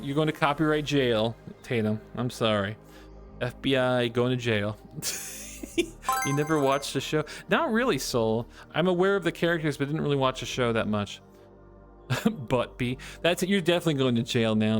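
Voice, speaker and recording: A man chatting playfully with his live-stream chat, joking and drawing as he talks. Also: mid-range voice. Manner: playful and goofy, jokes with chat.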